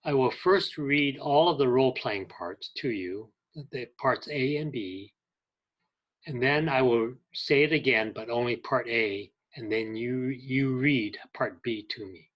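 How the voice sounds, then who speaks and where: The highs are cut off in this clip of a man with a mid-range voice. As an ESL teacher, he gives slow classroom instruction, patiently and deliberately reading direction and clarification phrases aloud for his English class.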